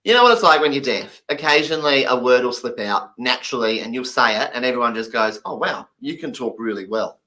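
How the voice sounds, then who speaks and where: Male, stand-up storytelling, playful and emphatic, bright edge, mid pitch. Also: expressive, fairly quick, few pauses.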